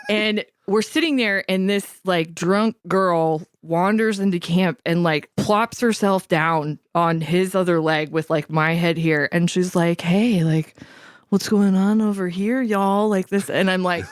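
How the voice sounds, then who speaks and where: A woman co-hosting a podcast who tells a profane, animated story and acts out what people said. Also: on the low side, unhurried, hardly any pauses, smooth, no echo, clean studio sound. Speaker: podcast co-host. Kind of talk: casual storytelling.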